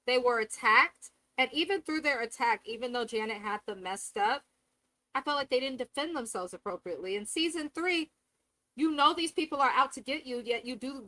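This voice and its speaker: A woman with a high, bright voice hosts a live recap of a reality show. She talks candidly and swears freely, acting out the cast's lines as she goes. Her voice sounds close and dry. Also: no echo, low-quality recording. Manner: candid, profane, dramatic quoting of cast members. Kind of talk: live casual review commentary.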